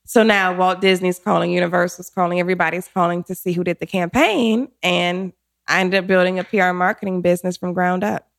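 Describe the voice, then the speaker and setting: A woman in her forties, a guest telling her career story in an interview, animated and quick to act out what people said. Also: lowish voice, gravelly. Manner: animated, acts out quotes, laughs often.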